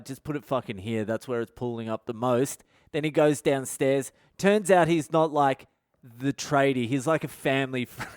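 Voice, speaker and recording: Australian man, comedian podcast host, brash sweary storytelling, smooth voice, dry close sound. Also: medium pitch, darkish tone, no echo. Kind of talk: profane comedic storytelling monologue.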